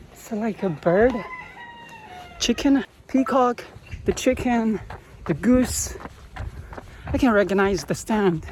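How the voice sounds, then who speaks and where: Guy jogging thru a quiet park talking in short choppy bits, slow pace, faint hiss. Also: high-pitched. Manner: short clipped phrases, simple non-native grammar. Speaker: vlogger testing a running watch. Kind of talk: running commentary. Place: outdoors in a quiet green park.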